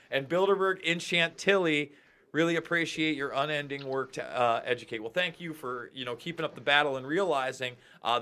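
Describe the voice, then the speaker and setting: Brief: slightly high male co-host, jokey, rattles off thank-yous. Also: fairly bright tone. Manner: brisk, jokey, reads out names and thanks. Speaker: podcast co-host reading viewer donations. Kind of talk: casual live-stream chat.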